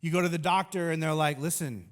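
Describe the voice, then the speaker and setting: Joking middle-aged male pastor, slightly high. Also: steady tone. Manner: casual and joking, acts out quick dialogue, many fillers. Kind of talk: conversational sermon.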